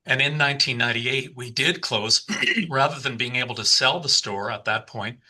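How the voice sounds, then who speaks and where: Bright-voiced man telling stories. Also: mid-range voice, normal speed. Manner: repeats words and restarts mid-sentence. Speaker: podcast guest. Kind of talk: storytelling in conversation.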